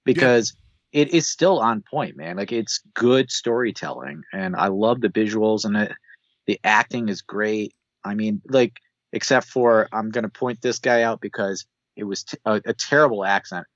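Lowish relaxed man on a podcast. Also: moderate pace, no echo, highs cut off. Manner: loose and conversational, frequent "like" fillers. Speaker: podcast co-host. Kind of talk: casual film chat.

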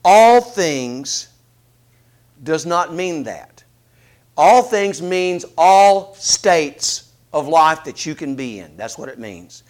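A man preaching a sermon, asking rhetorical questions in an animated delivery. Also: on the high side, slow.

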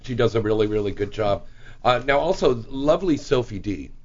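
A man's voice: medium pitch, expressive, brisk, a little mellow. A man hosting a casual talk radio show, joking crudely and chatting loosely with his guests. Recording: dull lo-fi radio sound.

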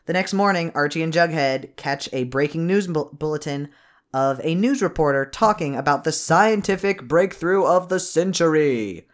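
A man co-hosting a podcast, recapping a movie in rambling, profane casual chat. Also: a little high. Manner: rambling, profane, animated, quick bursts.

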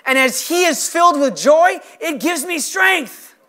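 A man preaching with a strikingly high, bright, forceful voice. His delivery is impassioned and emphatic, slowing down to press home key lines. He sounds like a pastor mid-sermon before a congregation. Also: lively intonation. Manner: impassioned, emphatic preaching with slow stressed phrases. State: emotional.

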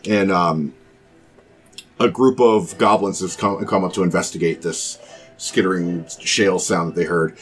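A man's voice: sits low, measured pace. A man narrating a tabletop game as game master, hesitant and full of fillers.

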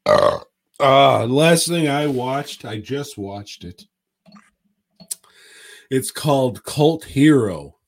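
A man's voice: mid-range voice, huge pitch swings, very slow, creaky, long pauses. A man co-hosting a podcast, casually reviewing movies in a laid-back, profane way with frequent chuckles. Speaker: podcast co-host.

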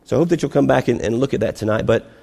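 A man's voice: medium pitch, racing, creaky, dark tone, husky. A man preaching a sermon as a pastor, telling a personal story in a conversational way and restarting often. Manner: conversational, repeats words while restarting. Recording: long hall reverb.

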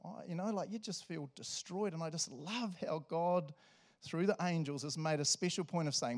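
Lively New pastor. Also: male voice, on the high side, normal speed. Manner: animated, laughs often, acts out quotes. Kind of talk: sermon.

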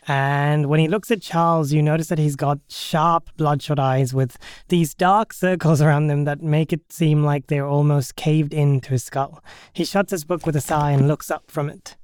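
A man fluently describes his character in a tabletop game, in a smooth voice pitched slightly high. The sound is close and dry. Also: steady tone, normal speed, no echo. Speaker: player.

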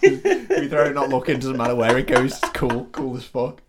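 A man's voice: mid-range voice, very animated, brisk, crowd noise. A man with a Yorkshire accent, co-hosting a podcast, who retells a film in casual banter, swearing freely and laughing often. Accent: Yorkshire English. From Yorkshire, England. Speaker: podcast co-host. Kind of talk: casual comedic film recap.

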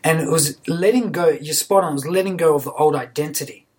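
A young man, a podcast guest telling his story in an earnest, halting way, often repeating words. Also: a little high, a little mellow. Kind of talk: casual storytelling.

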